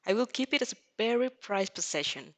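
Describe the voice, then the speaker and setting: A flustered twelve-year-old girl with prickly, blunt comebacks, voiced by a fanfic reader. Her lines come up higher than the narration, embarrassed and defensive. It sounds like an amateur audio fanfic reading. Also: animated, brisk, fairly bright tone. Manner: higher, flustered, muttering retorts. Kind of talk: fanfic read aloud.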